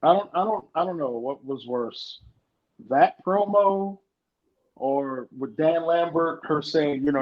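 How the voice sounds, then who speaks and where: High, lively man on a dull mic. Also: takes it slowly. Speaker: podcast co-host. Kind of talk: casual wrestling chat.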